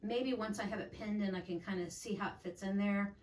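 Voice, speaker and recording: A woman's voice: medium pitch, fairly even intonation, brisk, a little mellow. A middle-aged woman hosting a crafting channel, chatting casually and rambling about her stitching projects, often correcting herself mid-sentence. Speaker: cross stitch channel host. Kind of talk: casual crafting vlog chat. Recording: echoey room, voice a bit far from mic.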